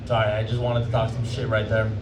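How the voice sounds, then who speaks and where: A brash, loud-talking man from Mexico doing a trash-talking stand-up set on a comedy club stage. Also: on the low side, monotone, fast. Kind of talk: stand-up routine. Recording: echoey club from far off with noise.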